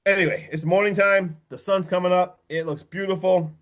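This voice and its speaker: A man with a slightly high voice talks through a horror film's plot on a casual podcast. He gets worked up, swears freely and slips into quick impressions of the characters. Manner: excitable, swears, acts out quotes from the film. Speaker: podcast host. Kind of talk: casual film recap.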